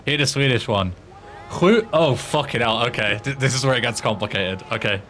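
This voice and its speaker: A man's voice: medium pitch, brisk, pushed and bright, a little hiss or hum. Swearing British man streaming a game. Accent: British English. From Britain. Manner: swearing, laughing, stumbling through foreign tongue twisters. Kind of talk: casual gaming stream chat.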